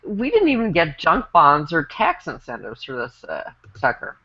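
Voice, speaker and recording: A woman's voice: sits low, wildly swooping pitch, moderate pace, breathy edge. A woman presenting a topic on a panel show in a dry, sarcastic way. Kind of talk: casual panel chat. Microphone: video call. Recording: lo-fi online call audio.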